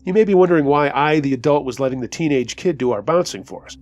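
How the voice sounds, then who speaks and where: A man's voice: a little high, lively intonation, fast, darkish tone. Man narrating a tense true story. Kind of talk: first-person scary story narration.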